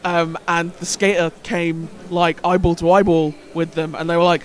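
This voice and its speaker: A man's voice: high voice, level tone, moderate pace, few pauses. A man commentating a sports game, telling a story hesitantly with many fillers and restarts.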